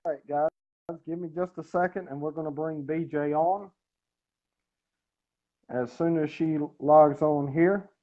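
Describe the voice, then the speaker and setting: Male host, friendly and casual, a bit high-pitched, muffled stream sound. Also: fairly even intonation, a little slow, long pauses. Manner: friendly, says buddy and sir. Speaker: show host. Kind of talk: casual interview hosting.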